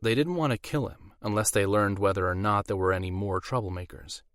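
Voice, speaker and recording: A man narrates a fantasy novel in a measured, storytelling way. His voice sits on the low side, close on the mic and dry, with no room sound. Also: fairly bright tone, dry recording. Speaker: audiobook narrator. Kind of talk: scripted narration.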